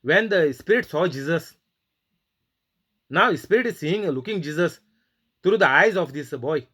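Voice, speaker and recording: A man preaching a sermon, reading Bible verses and leading prayer, with many pauses and fillers. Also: fairly high pitch, expressive, a bit bright, slightly rough. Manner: halting, many fillers, emphatic rebukes.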